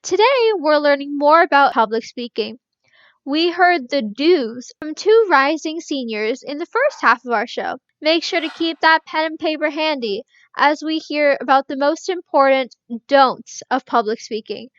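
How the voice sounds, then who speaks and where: A woman's voice: sits high, lively intonation, unhurried, fairly bright tone, no echo, lo-fi sound. A woman hosting a radio show, introducing guests in a polished, gracious way. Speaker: radio host.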